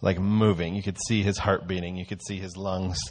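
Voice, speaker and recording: A man with a somewhat low voice leads a casual church talk. He speaks in a loose, conversational way and eases into his teaching through a story. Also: little pitch movement, a little fast, a little mellow, slightly rough. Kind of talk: casual sermon.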